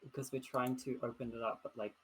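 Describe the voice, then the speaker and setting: A woman's voice: very deep voice, fairly even intonation, fast talker, slightly rough, low-quality recording. A woman playing a tabletop game, thoughtful as she talks about her rolls. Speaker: player. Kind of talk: tabletop game play, casual chat.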